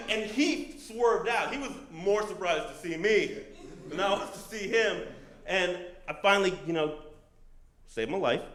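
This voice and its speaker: A man spins a true story live on a stage, talking casually and cursing freely. He slips into quick voices for the people he meets. His voice sits a little high, and the room gives it a roomy echo. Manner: animated, casual, profane, acts out other people's lines. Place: comedy stage before a live audience.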